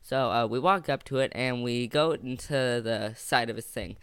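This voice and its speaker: Young male storyteller, rambling comic delivery, bright smooth voice. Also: medium pitch, normal speed, no echo. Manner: rambling, jokey, full of filler words. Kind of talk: casual storytime narration.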